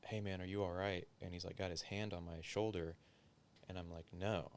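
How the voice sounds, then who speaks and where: A man's voice: sits low, steady tone, moderate pace, a little hiss or hum. A man, a former police officer, recounting a story in a casual interview, swearing often and filling his speech with "like". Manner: profane, filler-heavy storytelling.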